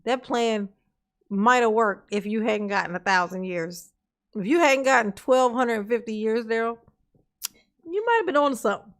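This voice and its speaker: A woman's voice: on the high side, normal speed. A woman hosting a reaction commentary, teasing and sassy, laughing often as she mocks what she watches. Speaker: commentary channel host.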